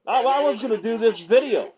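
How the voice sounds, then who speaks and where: A man's voice: extremely high pitch, animated, a little fast, slightly rough, highs cut off. A male MMA media host in a fired-up reaction rant, stammering and repeating himself as he gets worked up on his small video set.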